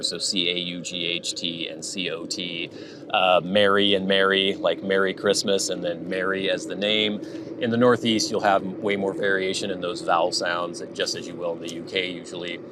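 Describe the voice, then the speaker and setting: Guy w a pacific northwest accent, kinda low voice, flat even chatty vlog rambling. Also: moderate pace, background noise. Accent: Pacific Northwest American. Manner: musing, thinking aloud. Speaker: vlogger. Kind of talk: casual chat to camera.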